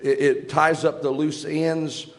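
A man preaching as pastor, praying and then starting a sermon, earnest and halting, with restarts and fillers. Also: a little high, little pitch movement. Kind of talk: prayer and sermon. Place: church sanctuary.

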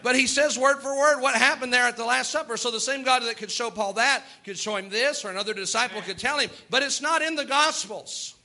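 Male pastor, sermon, high bright voice, earnest with quick asides. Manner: earnest preaching with quick asides and little laughs.

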